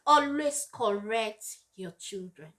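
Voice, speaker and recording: A woman's voice: mid-range voice, expressive, slow, a bit bright. A woman giving parenting advice straight to camera, earnest and emphatic, repeating her points for weight. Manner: acts out scolding parents in raised voices. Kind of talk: direct-to-camera advice talk.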